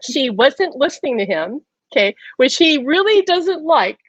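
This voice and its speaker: A woman hosting a show, telling a personal story in an animated way, laughing often and acting out conversations in quotes. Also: sits high, normal speed, dry recording, rough recording. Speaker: host.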